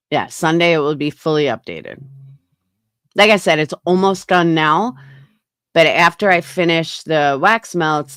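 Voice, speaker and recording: A woman's voice: low voice, fairly bright tone, smooth, no room sound, clean studio sound. A woman hosting a casual livestream, talking bluntly with frequent swearing and answering her chat. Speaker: livestream host.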